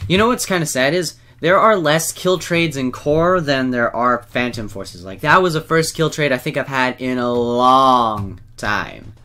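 A man's voice: medium pitch, expressive, a little slow, few pauses, bright, forceful tone. A man giving casual gameplay commentary, swearing, laughing and trash-talking his opponents. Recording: noisy with game gunfire behind. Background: gunfire and keyboard clicks.

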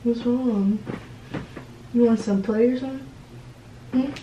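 A woman's voice: a little high, fairly even intonation, measured pace, highs cut off. A young woman vlogger in casual prank banter, pleading and exasperated, repeating herself to her boyfriend. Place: indoor room, bedroom. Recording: echoey room, from far off, with background noise.

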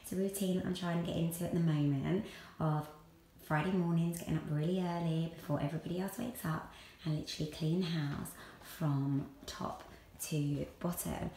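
A woman's voice: low-pitched, fairly even intonation, moderate pace, warm tone, a little hiss or hum. A woman, chatting casually and rambling with many ums while touring her own home for a vlog. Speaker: lifestyle vlogger. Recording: echoey room at home.

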